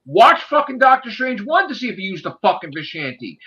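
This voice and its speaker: A man's voice: high-pitched, very animated, brisk, sharp tone. A man casually discussing a movie on a podcast in a ranting, profane and emphatic way. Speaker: podcast host. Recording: dull lo-fi sound.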